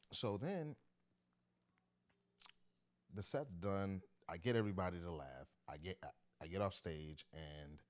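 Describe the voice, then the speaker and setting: Deep-voiced comedian telling a story. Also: male voice, darkish tone. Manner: loose, chatty, slangy. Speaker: stand-up comedian. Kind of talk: casual storytelling to camera.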